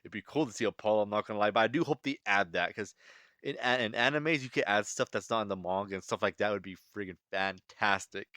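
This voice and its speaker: A man's voice: lowish voice, fast, bright, forceful tone, no room sound. Man, casual manga breakdown, rambling with restarts, dry close sound. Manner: rambling, many restarts and fillers. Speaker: manga reviewer.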